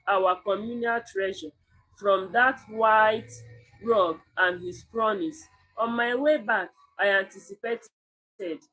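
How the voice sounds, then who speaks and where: A woman reading the part of a defiant, angry young village man in a story read aloud, speaking slowly and deliberately. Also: a little high, a bit bright, heavily acted, low-quality recording. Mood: anguished. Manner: slow, deliberate reading of the lines.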